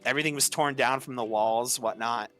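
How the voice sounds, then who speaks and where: A man's voice: mid-range voice, steady tone, brisk, pushed and bright, faint music behind. A young man telling a story in a casual, chatty way, saying "like" often and acting out the quoted lines. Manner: chatty, heavy use of "like", acts out quoted lines. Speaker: podcast storyteller.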